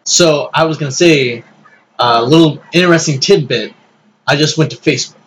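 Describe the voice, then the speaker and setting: A man co-hosting a casual podcast, excitable and swearing freely. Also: on the high side, a little fast, slight background noise. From Hispanic background. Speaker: podcast co-host. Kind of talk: casual chat.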